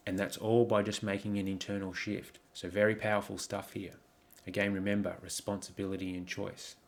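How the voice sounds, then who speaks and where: A man with a fairly low voice gives a coaching presentation over slides. He talks reflectively, putting question after question to the listener and pausing on frequent ums and restarts. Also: level tone. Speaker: life coach.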